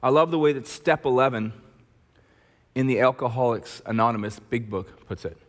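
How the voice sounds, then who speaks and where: A man's voice: mid-range voice, normal speed, big-room sound. A male pastor preaching in a conversational manner, often tossing rhetorical questions to the congregation. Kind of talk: sermon. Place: church auditorium.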